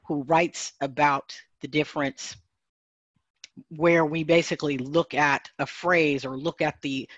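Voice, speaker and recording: An earnest man with a fairly high voice talks through his points in a panel discussion, measured and thoughtful, often circling back to restart a phrase. The sound is dry and a little dull, like lo-fi audio. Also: a bit bright, dry recording.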